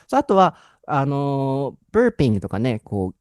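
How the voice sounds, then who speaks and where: Lively, fast-talking man. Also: medium pitch, no echo, studio quality. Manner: animated, chatty, laughs often, switches between Japanese and English. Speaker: English teacher and podcast host. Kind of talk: unscripted bilingual language lesson.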